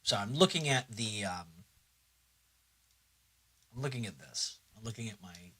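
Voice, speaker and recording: A man's voice: fairly low pitch, lively intonation, measured pace, a bit bright, husky. A young man chatting casually on a livestream, rambling and swearing, sometimes talking himself through his computer setup. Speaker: streamer.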